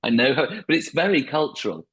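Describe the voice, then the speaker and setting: Husky middle-aged man, chatty and self-mocking. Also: fairly high pitch, sing-song, fairly quick, fairly bright tone, poor audio. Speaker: comedian guest. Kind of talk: casual interview chat.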